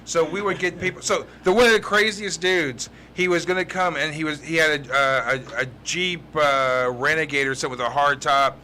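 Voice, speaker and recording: A man hosts a casual comedy show and tells a story loosely, stopping often for fillers. His voice is very bright and fairly high. Faint noise sits under the recording. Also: fairly quick, hardly any pauses. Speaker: show host. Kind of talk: casual chat.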